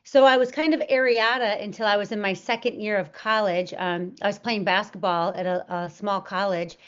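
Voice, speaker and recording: A woman's voice: medium pitch, fairly even intonation, normal speed. A woman being interviewed, telling her personal story earnestly, with many fillers and restarts. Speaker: interview guest. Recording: dull lo-fi audio.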